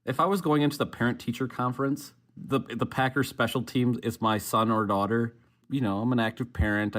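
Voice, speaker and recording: A man co-hosting a casual sports podcast, rambling with many restarts. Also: mid-range voice. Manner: rambling, self-interrupting, laughs along. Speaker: podcast co-host.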